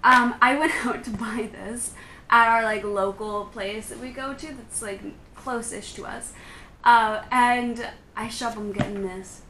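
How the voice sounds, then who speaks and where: A young woman vlogging in a casual, chatty way, telling stories with lots of "like" and quick laughs. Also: on the high side, steady tone, pushed and bright, roomy sound, slight background noise. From Canada. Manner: bubbly, chatty storytelling with frequent "like" and laughs. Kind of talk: casual vlog chat.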